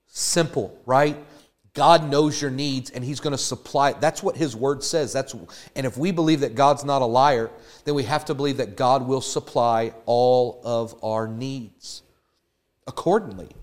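A man's voice: mid-range voice, steady tone, measured pace. A man preaching a sermon, building emphatic repeated lines that rise in fervor. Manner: emphatic, rising to fervent repetition.

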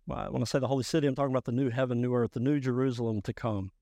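A man preaching a sermon as pastor, emphatic and rising to loud bursts. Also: mid-range voice, steady tone, rapid-fire, creaky, no echo.

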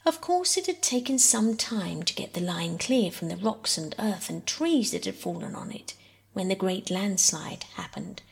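A woman narrates a bedtime story in a hushed, half-whispered voice. Her tone has a gravelly fry and sits at a middle pitch. She keeps the reading gentle and unhurried. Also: animated. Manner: soft, often whispered. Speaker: audiobook reader.

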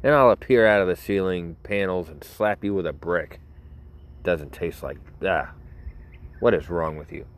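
A man's voice: deep voice, moderate pace. A young man hosting a casual show, telling rambling, joking stories with many asides and self-interruptions. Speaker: podcast host.

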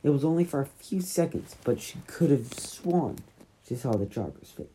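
A woman reading a novel chapter aloud in a measured, unhurried storytelling manner. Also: a bass voice, animated, mellow, slight background noise, poor audio. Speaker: audiobook reader.

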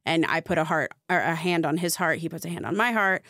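A woman's voice: low voice, fast, a bit bright, no room sound, studio quality. A woman guest on a podcast, working as a spiritual coach, telling a personal story in casual conversation, earnest and full of filler "like". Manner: earnest, heavy use of filler "like".

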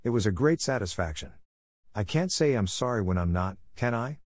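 A man's voice: fairly low pitch, expressive, moderate pace, no echo, clean studio sound. A man voicing a defiant, tearful redheaded young girl in a storybook reading, passionate and stubborn. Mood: defiant pleading.

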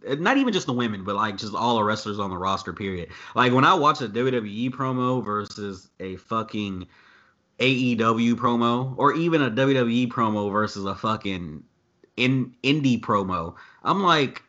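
Profane, animated man on a call. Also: fairly low pitch, moderate pace. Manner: profane, animated, rises sharply when worked up. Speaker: wrestling podcast co-host. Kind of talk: casual chat over video call. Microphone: video call. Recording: dull lo-fi video call audio.

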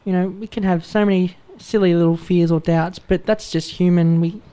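Mellow-voiced Australian man, earnest musician guest. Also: high voice, steady tone, normal speed, clear, resonant tone. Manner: earnest, reflective, trails off with fillers. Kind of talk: casual interview chat.

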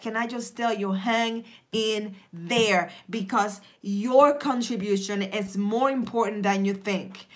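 A woman's voice: medium pitch, takes it slowly, hardly any pauses. A middle-aged woman, an author, giving an emphatic motivational talk with a preacher's rhythm and rhetorical questions.

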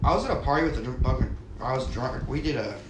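A young man co-hosting a podcast, blunt and crude, with loud outbursts in prank-call banter. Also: medium pitch, animated, fast, reverberant, noisy background. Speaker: podcast co-host.

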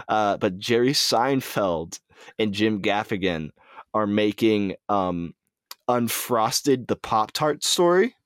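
A man with a fairly low voice co-hosts a podcast and talks through the latest movie news in easy, casual chat. He hesitates often, filling gaps with ums and restarting his sentences. The sound is dry and close to the mic. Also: lively intonation, slow pace, dry recording. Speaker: podcast co-host.

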